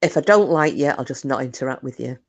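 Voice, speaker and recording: Blunt low-voiced woman chatting. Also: lively intonation, quick pace. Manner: blunt, straight-talking, swears freely. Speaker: livestream host chatting with viewers. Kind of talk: casual chat.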